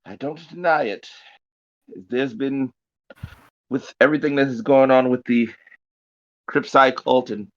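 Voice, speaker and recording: A man voicing a capable female adventurer in a tabletop game, calm and measured. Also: medium pitch, highs cut off, lightly acted. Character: capable young woman adventurer.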